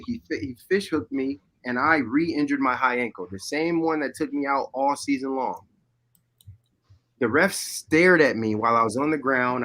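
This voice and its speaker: A man telling a football story in a casual podcast chat, animated and loud at times. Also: medium pitch. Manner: animated storyteller, shouting replays. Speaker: former player guest.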